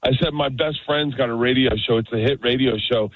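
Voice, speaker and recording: A man calling into a radio show from his car, rambling through an animated story full of acted-out quotes. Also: mid-range voice, brisk, dry recording. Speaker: celebrity caller on the hotline. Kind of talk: phone-in banter. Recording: muffled phone line.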